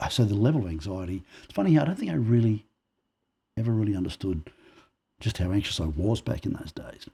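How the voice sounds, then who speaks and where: This Australian podcast guest speaks fast, his fairly low voice gravelly and husky. In conversation he recounts personal stories, animatedly acting out each line of dialogue.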